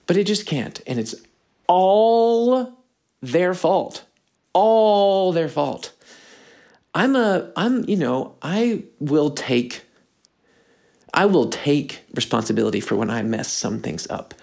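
A man's voice: on the high side, expressive, a little slow, gravelly, breathy edge. A young man hosting a casual solo podcast, rambling and aggrieved with many fillers and restarts, slightly sick. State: slightly sick, throat clearing. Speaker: podcast host.

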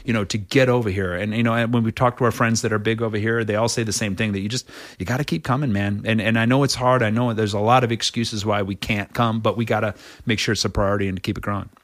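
A middle-aged man being interviewed as a rock singer, telling stories in a rambling, animated way with many restarts. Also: fast. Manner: rambling, many restarts, acts out quotes in a much higher voice. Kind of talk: animated casual interview storytelling.

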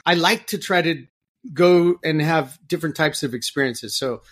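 An animated man in a relaxed interview, his voice sitting a little high for a man. He circles back over words while finding his phrasing and acts out other people in his stories. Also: moderate pace. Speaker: podcast guest. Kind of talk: conversational interview.

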